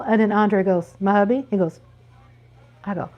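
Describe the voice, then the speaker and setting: A woman's voice: medium pitch, steady tone, normal speed, dull audio. Chatty Texan woman hosting a livestream. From Texas. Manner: chatty, folksy, talks to viewers directly. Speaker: livestream host. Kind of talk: casual live chat.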